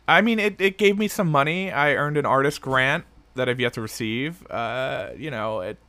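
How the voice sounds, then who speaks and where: Bright-voiced rambling man co-host. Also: medium pitch, moderate pace, dry recording. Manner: rambling, laughing, swears freely. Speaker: podcast co-host. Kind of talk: casual chat.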